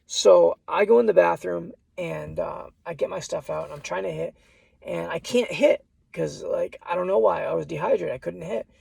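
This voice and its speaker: A man's voice: high voice, normal speed, creaky, darkish tone, husky, no echo. A man casually telling a personal story, rambling and restarting his lines, often repeating "I said".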